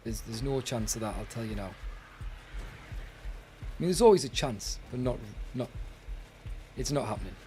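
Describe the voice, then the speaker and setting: A man's voice: mid-range voice, expressive, moderate pace, long pauses, a little mellow, faint music behind. A British man streaming a game live, chatting with viewers and grumbling in exasperation. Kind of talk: live gaming commentary.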